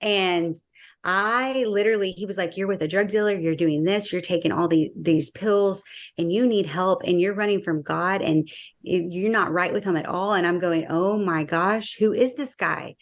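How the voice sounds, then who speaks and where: A woman's voice: on the low side, normal speed. A woman sharing her personal faith testimony in a casual interview, acting out the dialogue she recalls and using frequent fillers.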